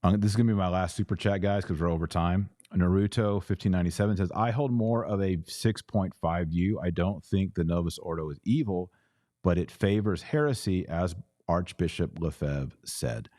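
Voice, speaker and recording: Male livestream host, deep and dark-toned, emphatic, repeats himself for stress, dry close mic. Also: moderate pace, dry recording. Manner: earnest, emphatic, repeats phrases. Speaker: host reading super chats. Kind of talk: livestream commentary.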